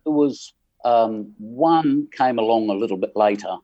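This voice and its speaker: A musician of about sixty from England, a guest in a casual interview, tells wry stories unhurriedly with many ums. His voice sits at medium pitch, and the recording is muffled.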